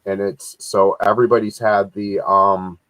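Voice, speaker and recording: A man's voice: fairly low pitch, little pitch movement, moderate pace, fairly bright tone, dry recording, rough recording. A man co-hosting a casual live-stream chat, telling everyday stories in an easygoing way. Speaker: co-host.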